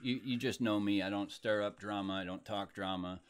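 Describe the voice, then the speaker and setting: A man hosting a casual live stream, chatting loosely and reading viewer comments out loud. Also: fairly low pitch, fairly even intonation, moderate pace, clear, resonant tone. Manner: laid-back, reads viewer comments aloud.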